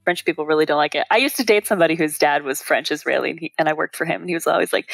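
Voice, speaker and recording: A woman, a copywriter and comedian, talking as a podcast guest in casual interview chat, quick and witty. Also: sits low, creaky, dry recording. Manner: quick, witty, animated storyteller.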